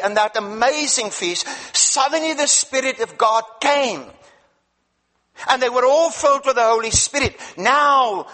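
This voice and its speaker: Guest preacher guy, really high voice, emphatic, keeps asking the crowd questions. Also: a bit bright. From Africa. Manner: emphatic, repeats words, asks the congregation questions. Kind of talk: sermon.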